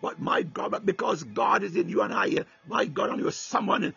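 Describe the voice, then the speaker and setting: A man's voice: high voice, normal speed, vocal fry, few pauses, a bit bright, slightly rough, dry recording, dull audio. A man preaching a sermon with fervor, repeating "my God" and "hallelujah" between phrases and breaking into tongues.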